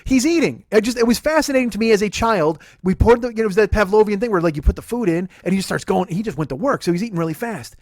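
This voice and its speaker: A man's voice: high-pitched, expressive, very fast, few pauses, a little mellow, dry recording, clean studio sound. A man hosting a podcast, telling rambling comic stories in casual chat, full of swearing. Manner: profane, rambling, jokey storytelling. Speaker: podcast host.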